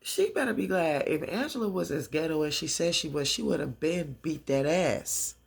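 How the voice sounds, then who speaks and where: A woman in a casual recap vlog, losing her voice, telling the story in an animated way and acting out the characters' lines. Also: low voice, moderate pace, creaky, slightly rough. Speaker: TV recap vlogger.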